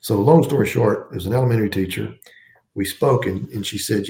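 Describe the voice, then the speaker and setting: A middle-aged man with a low, gravelly voice and a dark, mellow tone speaks earnestly as a superintendent in a podcast interview. He presses his points with emphasis and often restarts his phrases. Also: brisk. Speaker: school district superintendent.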